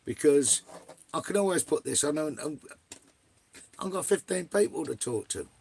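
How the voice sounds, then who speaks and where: A man's voice: a little high, expressive, normal speed, creaky, darkish tone, husky. A man hosting a live stream in casual chat, greeting viewers by name and swearing freely.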